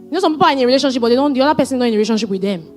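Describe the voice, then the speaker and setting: A woman pastor preaching a sermon, animated and emphatic as she tells stories. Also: high voice, racing, faint music behind.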